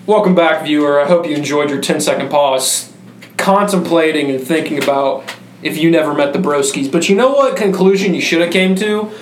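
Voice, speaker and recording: A man's voice: fairly high pitch, normal speed. Joking man hosting an echoey podcast. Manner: joking, mock-preachy, addresses the viewer. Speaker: podcast host. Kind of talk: casual comedic chat. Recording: echoey room with faint hum.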